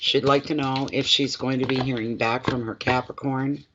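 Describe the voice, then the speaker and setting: A man's voice: mid-range voice, level tone, moderate pace, highs cut off, background noise. A man reading tarot live for viewers, addressing each one by name and often repeating his phrases. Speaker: tarot reader.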